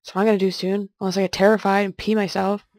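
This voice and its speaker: A woman's voice: medium pitch, little pitch movement, rapid-fire, darkish tone, no room sound. A young woman casually commenting on a game she is playing, reading its text aloud and joking as she goes. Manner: jokey, chatty, talks to herself. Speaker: let's play host.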